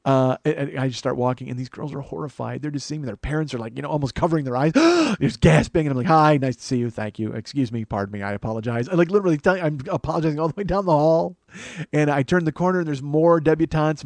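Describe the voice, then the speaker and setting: A man's voice: on the high side, no room sound. Profane man telling a story. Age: 40s. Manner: profane, animated storytelling that builds to loud mock pride. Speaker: comedian podcast host. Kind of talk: storytelling monologue.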